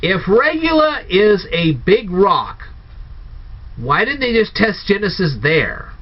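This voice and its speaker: A man delivers a casual spoken movie review, rattling off incredulous, sarcastic rhetorical questions. His high voice has a sing-song lilt and a slow pace, captured on a dull lo-fi recording.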